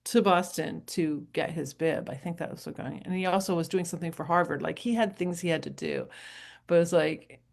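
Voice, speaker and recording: A middle-aged woman from New Hampshire talks to camera as a coach in a loose, rambling way. Her voice sits a little low for a woman. She laughs easily and drifts between advice and stories. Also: fairly quick, creaky. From New Hampshire, USA. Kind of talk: casual motivational talk to camera.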